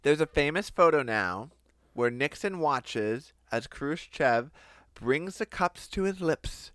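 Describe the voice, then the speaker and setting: A man's voice: on the high side, animated, takes it slowly, fairly bright tone, no room sound. A man co-hosting a comedic podcast, telling a history story with lots of laughter and silly quoted voices. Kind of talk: casual comedic podcast chat.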